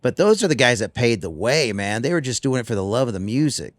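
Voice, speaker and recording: A man, a guest telling lively stories in casual chat on a tour bus. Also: mid-range voice, fast talker, no echo. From North Carolina. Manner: animated storyteller.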